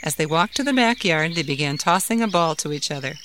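A woman narrating a children's story aloud in an expressive, sing-song manner. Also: low voice, brisk, noisy background.

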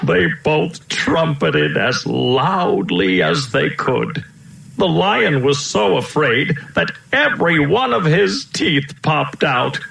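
A man reading a children's storybook aloud, slow and lilting. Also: mid-range voice, creaky, fairly bright tone, a little hiss or hum. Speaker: storybook reader. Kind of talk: storybook read-aloud narration. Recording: roomy echo.

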